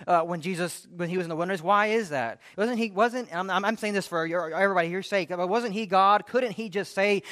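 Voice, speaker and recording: A man's voice: sits high, a little fast, hardly any pauses, a bit bright, no echo, clean studio sound. A man preaching a sermon in an earnest way, asking many rhetorical questions.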